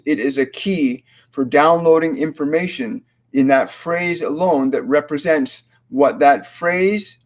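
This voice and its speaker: A man hosting a live-stream spiritual Q&A as a medium, speaking slowly and in a measured way, often halting with fillers and restarts. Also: a little high. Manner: slow, measured delivery when relaying messages.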